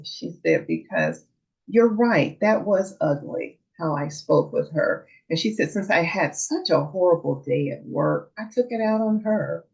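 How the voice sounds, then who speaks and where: A woman hosting a parenting channel, calmly retelling something that happened to her, with the dialogue acted out. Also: lowish voice, measured pace, creaky. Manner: earnest, calm retelling with quoted dialogue. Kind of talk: storytelling monologue. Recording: dull lo-fi sound.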